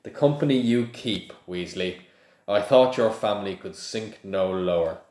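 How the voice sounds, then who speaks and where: A cold, haughty aristocratic father, sneering and contemptuous, as a man reading aloud puts him on. The voice sits low and slow, with a roomy echo behind it. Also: a little mellow, close to an everyday voice.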